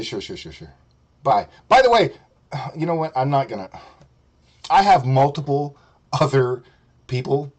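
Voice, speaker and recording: Male streamer host, mid-pitched, foul-mouthed and scornful, ranting commentary. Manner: profane, mocking, blunt.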